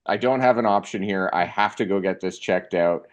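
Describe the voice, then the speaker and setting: A young man telling a funny personal story in a casual, animated way, acting out the voices of the people in it. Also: low-pitched, moderate pace. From Canada.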